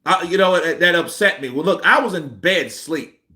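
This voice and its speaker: A man's voice: on the high side, moderate pace, bright, forceful tone. A man hosting a boxing commentary stream, venting heatedly with emphatic repetition. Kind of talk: ranting live-stream commentary.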